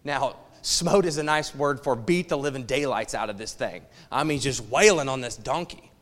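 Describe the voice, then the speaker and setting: A middle-aged male pastor preaching a sermon, telling stories with lively humor and acting out the voices in his quoted exchanges. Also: mid-range voice, normal speed. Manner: animated storytelling, acts out quoted exchanges. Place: church sanctuary. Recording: long hall reverb.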